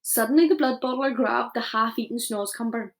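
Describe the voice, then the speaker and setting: A woman teacher reading a children's novel aloud, expressive, with small slips as she goes. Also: fairly high pitch, brisk.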